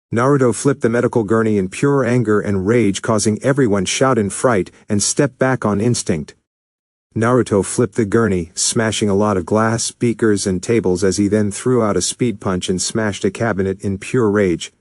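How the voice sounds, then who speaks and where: A man narrating a fan fiction story in a steady, plain manner. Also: lowish voice, a little fast, no echo, studio quality.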